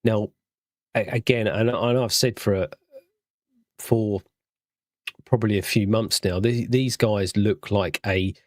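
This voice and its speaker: A man as a guest on a fan chat show, speaking thoughtfully with frequent fillers and pauses. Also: on the low side, fairly even intonation, no room sound, clean studio sound. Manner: thoughtful, halting with fillers, sighs.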